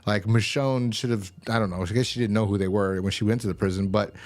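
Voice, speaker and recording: Man, lowish voice, casual rambling episode recap, slangy, lots of ums. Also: steady tone, fast. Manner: rambling, loose and slangy, with many fillers. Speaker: TV show reviewer.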